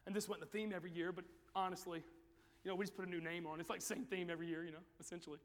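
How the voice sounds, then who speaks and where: A man preaching a sermon at a youth event, swinging from quiet pleading to shouted climaxes. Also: high voice, fairly even intonation, rapid-fire. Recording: echoey hall.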